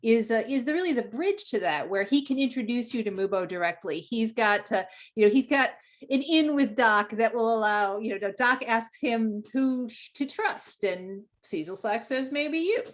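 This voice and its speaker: A woman's voice: fairly high pitch, lively intonation, normal speed, few pauses. A woman producer on a virtual panel, explaining her work thoughtfully, with hesitant fillers, over a video call. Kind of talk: panel discussion.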